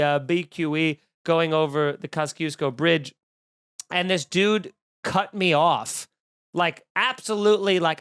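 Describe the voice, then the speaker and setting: Snarky high-voiced male comedian. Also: a bit bright, smooth, no room sound, studio quality. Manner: snarky, profane, ranting. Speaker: comedian podcast host. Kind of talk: casual comedic storytelling.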